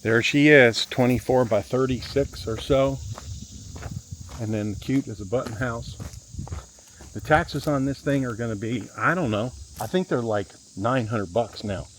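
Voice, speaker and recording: A man walks through a workshop barn, rattling off tools one after another like an auctioneer. His voice sits at an ordinary middle pitch, loose and chatty, and he sounds like he is recording on a handheld camera. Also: a little slow, a little hiss or hum. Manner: rambling, listing tools like an auctioneer. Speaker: real estate agent touring a property. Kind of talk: casual walkthrough vlog.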